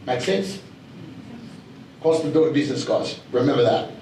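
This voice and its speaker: A man's voice: mid-range voice, normal speed, a little mellow. A man with an Australian accent talks casually and bluntly to a live audience at an investor evening, with lots of fillers and acted-out quotes. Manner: blunt and chatty, with many fillers and voiced quotes. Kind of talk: casual storytelling talk to an audience. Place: large room at a live event. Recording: roomy echo, speaker heard from some distance, faint background hum.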